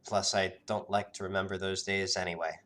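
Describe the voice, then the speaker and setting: A man voicing a guarded, cautious village woman in a tabletop role-play, hesitant and rushed in her speech. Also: sits low, flat delivery, a bit bright.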